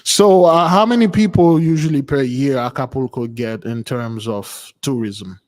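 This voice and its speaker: A man's voice: mid-range voice, moderate pace, darkish tone. A man hosting a spiritual channel, talking casually and rambling with frequent questions to his audience. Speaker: spiritual teacher and channel host. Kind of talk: casual livestream talk. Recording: long reverb.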